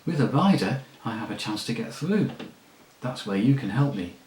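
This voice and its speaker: A proud talking war horse with a brisk, bossy edge and a scornful streak, as a man reads him out in a storybook. The voice sits at an ordinary male pitch and echoes a little in a roomy space. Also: expressive, darkish tone, close to an everyday voice. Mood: brisk, commanding. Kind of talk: audiobook reading.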